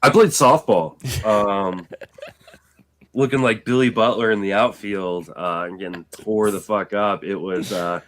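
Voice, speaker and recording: Still getting over an illness, a man co-hosts a podcast and tells stories in casual, animated chat with some swearing. His voice is fairly low and unhurried, with slight background noise.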